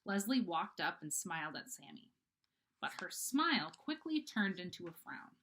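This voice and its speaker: A woman's voice: lowish voice, normal speed, a little hiss or hum. A woman casually reading a children's book chapter aloud, chatty, with fillers and asides. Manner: chatty, fillers, animated character voices. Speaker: reader. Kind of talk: casual storybook read-aloud.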